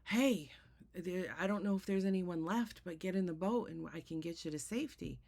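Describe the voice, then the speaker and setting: A woman's voice: on the low side, moderate pace, gravelly, dark tone. A woman voicing an urgent rescuer in a small boat.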